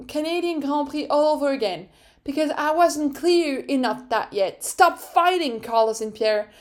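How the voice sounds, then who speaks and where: Slow-talking laughing woman podcaster. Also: high-pitched. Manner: animated, laughing often, swearing freely. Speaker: podcast host. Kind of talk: casual solo recap chat.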